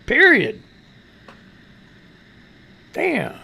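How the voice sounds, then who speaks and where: A man hosting a talk radio show, ranting about the news in a profane way, reading news items aloud with asides, his voice climbing high whenever he gets excited. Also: extremely slow, gravelly, breathy edge.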